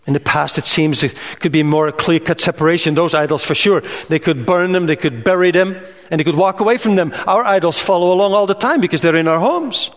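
A man preaching a sermon in an earnest, measured way, rising in pitch on emphatic lists. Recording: reverberant hall sound.

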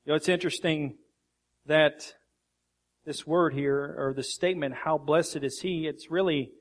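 An earnest male pastor delivering a sermon, his voice sitting a little higher than most men's. He reads verses slowly and with weight, leaning into key phrases. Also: a bit bright. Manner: earnest preaching, reads scripture aloud with slow emphasis.

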